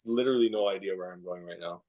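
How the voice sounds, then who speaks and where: A man in his forties hosting a podcast, telling stories in a relaxed, casual way and swearing freely. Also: deep voice, fast, lo-fi sound. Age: 40s. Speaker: podcast host. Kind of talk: casual chat.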